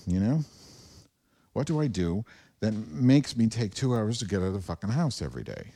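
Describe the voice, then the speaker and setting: A man's voice: lowish voice, huge pitch swings, moderate pace, dark tone. A man hosting his own podcast from home on a wireless lavalier mic. He rambles in a profane, self-deprecating solo monologue. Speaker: podcast host. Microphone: wireless lavalier transmitter.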